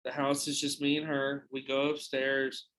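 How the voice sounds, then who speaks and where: A man's voice: mid-range voice, monotone, normal speed, a bit bright, low-quality recording. A young man hosting a podcast, telling a long anecdote in a casual, profane, rambling way with frequent restarts. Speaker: podcast host. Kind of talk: casual storytelling.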